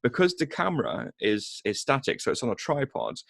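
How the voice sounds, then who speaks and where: A man's voice: mid-range voice, sing-song, fairly quick, creaky, fairly bright tone, no echo. Dry-voiced man reviewing films. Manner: hesitant, many ums and restarts, sarcastic. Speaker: podcast co-host. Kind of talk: casual film review chat.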